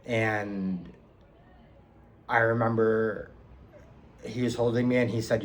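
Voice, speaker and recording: A man's voice: lowish voice, little pitch movement, normal speed, pauses often, slight background noise. A young man from New York telling a personal story in a casual, hesitant way, with many ums and restarts. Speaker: book reviewer.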